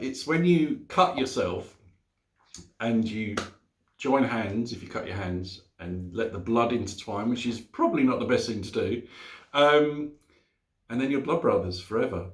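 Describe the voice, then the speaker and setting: A man's voice: medium pitch, expressive, moderate pace, reverberant. A man, telling a story casually as a motorcycle vlogger in his home garage, chatty and laughing often.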